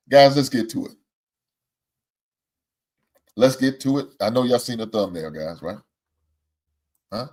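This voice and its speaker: Animated man hosting sports talk. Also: fairly low pitch. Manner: animated, exclamatory, laughs often. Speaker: host. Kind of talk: casual sports talk show.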